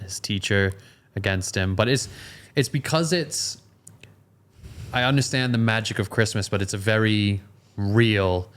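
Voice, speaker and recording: A man's voice: fairly low pitch, normal speed. A young man co-hosting a podcast in casual chat, dry and matter-of-fact. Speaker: podcast co-host.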